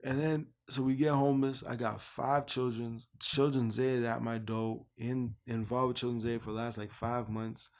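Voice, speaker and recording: A young man from Canada speaks with a gravelly, slightly fried edge at an ordinary middle pitch. He tells his own story casually, and he jumps higher and louder when he acts out what people said to him. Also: moderate pace, hardly any pauses. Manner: animated storyteller who acts out both sides of remembered dialogue in a higher voice. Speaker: podcast host telling his story. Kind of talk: casual personal testimony.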